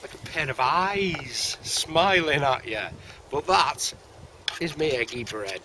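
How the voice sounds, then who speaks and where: Slow-paced and lively in intonation, a man with a slightly high voice jokes and rambles casually to the camera while fishing for carp at a lake in winter. He's a vlogger, recorded outdoors amid plenty of noise.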